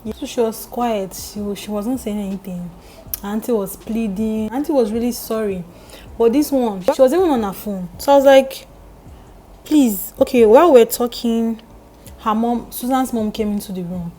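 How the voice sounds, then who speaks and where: A young Nigerian woman vlogger telling a story in lively, emphatic casual chat. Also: fairly high pitch, moderate pace, low-quality recording.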